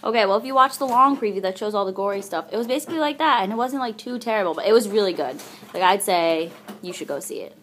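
A woman's voice: mid-range voice, expressive, fast talker, fairly bright tone, a little hiss or hum. A young woman talking casually to her camera in a daily vlog, chatty and goofy, filling her talk with "like". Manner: chatty and goofy, full of "like" fillers, jokes around. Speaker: vlogger.

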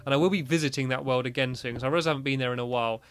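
A man's voice: medium pitch, very fast, a little hiss or hum. A man giving casual, rambling gameplay commentary, with lots of "like" fillers and light laughs. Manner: chatty and rambling, with frequent "like" fillers and small laughs. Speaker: gaming video host.

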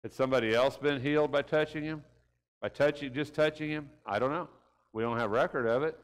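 A man with a medium-pitched voice talks fairly quickly as he leads a conversational Bible class in church. His style is folksy, and he keeps ending points with rhetorical tags like "right?" and "didn't he?". The church room is reverberant.

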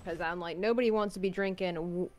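A woman's voice: on the low side, fast talker, darkish tone. A woman chatting casually with friends while gaming, playful and jokey, drifting into mumbled asides. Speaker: streamer.

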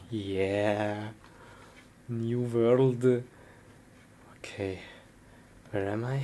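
A woman in a comic gaming skit who yells in over-the-top outbursts at her computer, with slightly broken English phrasing. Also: very deep voice, fairly even intonation, extremely slow, long pauses. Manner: overexcited, shrieking outbursts at the computer. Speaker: comedy sketch performer. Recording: noisy recording.

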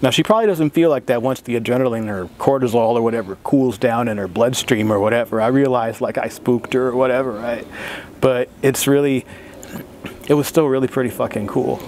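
A man talks straight to his audience in a loose, swearing, laugh-filled storytelling vlog. His voice sits at an ordinary middle pitch. A faint hum of ambient noise runs under it. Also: brisk. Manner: profane, laughing, animated storyteller. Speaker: vlogger.

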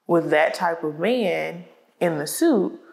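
A woman's voice: lowish voice, expressive, takes it slowly, creaky, a little mellow, rough recording. A woman co-hosting a podcast, talking casually and thinking aloud as she explains her views. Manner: conversational, thinks aloud with fillers. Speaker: podcast co-host. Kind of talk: casual conversation. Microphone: lapel mic.

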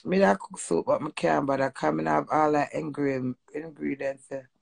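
A woman's voice: sits low, normal speed, vocal fry. A middle-aged woman with a Jamaican accent, rambling in a crude, joking way in a casual live-stream chat from home. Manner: rambling, crude and joking, mixes patois with English. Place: home in England.

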